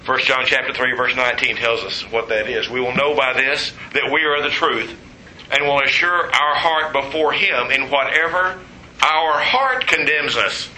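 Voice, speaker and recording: A man preaching a sermon, telling stories with humor and quoting voices in an animated way. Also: mid-range voice, normal speed, roomy sound, slight background noise, poor audio.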